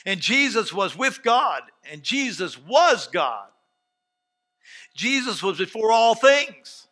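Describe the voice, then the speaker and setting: A man preaching a sermon as pastor, swinging from soft asides to shouted outbursts and acting out quoted dialogue. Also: high voice, very animated, takes it slowly. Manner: acts out quoted dialogue in scenes.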